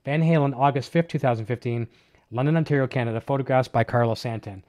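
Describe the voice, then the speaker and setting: Excitable guy hosting a live stream, keeps restarting sentences, dry close sound. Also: medium pitch, quick pace, no room sound. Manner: excitable, gushing, many fillers and restarts. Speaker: host of a live gear show. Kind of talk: casual live unboxing chat.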